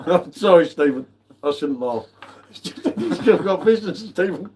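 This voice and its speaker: A man's voice: high-pitched, animated, measured pace, a little mellow, a little hiss or hum. A man hosting a live beer tasting, chatting casually with matey banter and greeting viewers by name. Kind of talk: casual live-stream chat.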